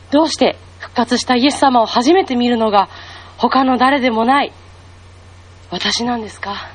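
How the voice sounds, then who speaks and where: Brief: actress voicing a young woman mourning her teacher; high, breathy, half-whispered, questioning. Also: rough recording. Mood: awed. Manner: hushed, questioning, tearful monologue. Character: grieving young woman, unmarried disciple. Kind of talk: devotional dramatic monologue.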